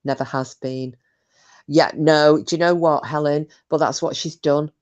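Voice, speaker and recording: A woman's voice: deep voice, flat delivery, moderate pace, darkish tone, lo-fi sound. A woman hosting a live stream, chatting casually, reading out comments and talking bluntly with plenty of swearing. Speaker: livestream host.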